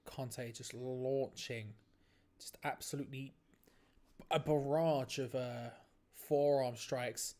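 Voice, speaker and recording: A man hosting a live stream, giving excitable play-by-play reactions to a match, laughing often and restarting his phrases. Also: mid-range voice, slow. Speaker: watch-along stream host.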